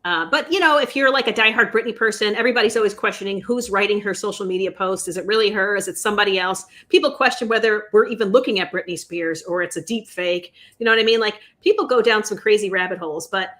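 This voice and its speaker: A woman's voice: medium pitch, fast, few pauses, a bit bright. A woman co-hosting a podcast, chatting casually through celebrity news with lots of fillers and hedges. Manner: chatty, hedging with fillers and "allegedly". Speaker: podcast co-host.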